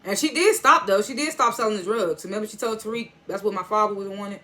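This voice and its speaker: A woman's voice: mid-range voice, fast, sharp tone. Chatty woman recapping with laughter. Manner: laughs often while retelling scenes; blunt and profane. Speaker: TV episode reviewer. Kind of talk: casual recap chat.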